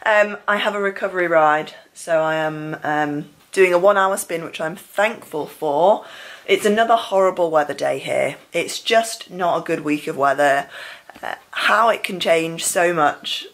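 A woman's voice: on the low side, a little slow, fairly bright tone, rough recording. Chatty young woman vlogging. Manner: chatty, upbeat, breathless after riding. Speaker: cycling vlogger. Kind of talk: casual vlog chat to camera.

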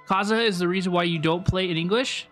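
Young male streamer, high voice, rambling casual chat, faint game music behind. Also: fairly bright tone. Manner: rambling, chatty, repeats himself. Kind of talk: casual live game commentary.

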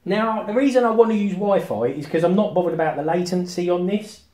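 A man, vlogging casually as he sets up VR at home and talks to himself excitedly. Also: high voice, a little fast, distant mic. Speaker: tech vlogger. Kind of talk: casual vlog commentary while setting up VR. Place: house with rooms on two floors. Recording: roomy home room, voice often off-mic.

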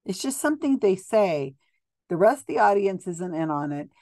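A woman's voice: mid-range voice, big pitch swings, normal speed, mellow, dry recording, clean studio sound. A woman giving skeptical, blunt video commentary, talking casually with frequent ums and restarts. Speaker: commentator reviewing psychic videos.

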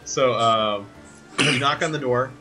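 A man's voice: medium pitch, a little slow, sharp tone. A man narrating as game master in a casual, loose way with many fillers, music behind him. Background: background music.

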